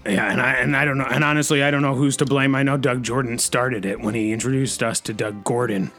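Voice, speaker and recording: Gravelly rambling comedy host, a man. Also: medium pitch, fairly even intonation, fast, a bit bright, soft background music. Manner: anxious, rambling, says freaking constantly. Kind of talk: improvised comedy bit.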